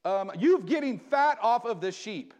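A man preaching a sermon in a church, reading scripture slowly and building to loud, emphatic bursts. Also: sits high, animated. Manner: slows to read scripture aloud. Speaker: pastor. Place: church sanctuary.

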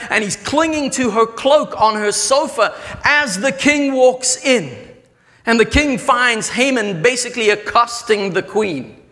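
Man, preacher, sermon storytelling, high pitch, acts out characters, long hall reverb. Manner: animated retelling that acts out the characters' lines.

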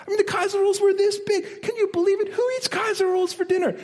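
A man voicing an exasperated wife complaining to her friends, in a shrill, indignant tone, heard with a long hall echo. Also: level tone, fast.

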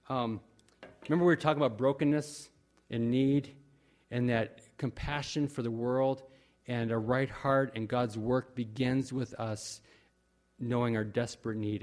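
A man preaching a sermon in a conversational, earnest way, often pausing with fillers and restarting his sentences. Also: medium pitch, a little mellow. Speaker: pastor.

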